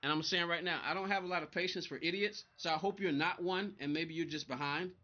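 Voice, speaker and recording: Man, high voice, live-stream chat, blunt and exasperated, muffled audio, faint hiss. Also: steady tone, quick pace, pushed and bright. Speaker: racing game streamer.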